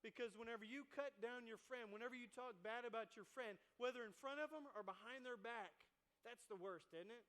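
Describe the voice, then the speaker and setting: High-voiced, animated youth pastor man. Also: fairly quick. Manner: animated, acts out conversations. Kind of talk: sermon to middle schoolers. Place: church hall. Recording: echoey church hall.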